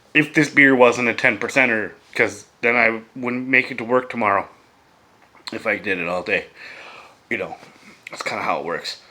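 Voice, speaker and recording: A man casually chatting to camera as a vlogger, loose, profane and enthusiastic, often dropping to a hush. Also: medium pitch. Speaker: vlogger reviewing beer and vape pairings.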